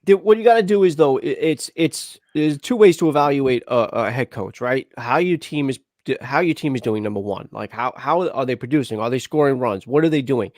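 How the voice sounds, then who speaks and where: A man's voice: mid-range voice, fairly quick, few pauses, darkish tone, dry recording, studio quality. A man co-hosting a casual live sports chat, arguing heatedly with frequent restarts. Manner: argumentative, heated, lots of restarts. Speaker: podcast co-host.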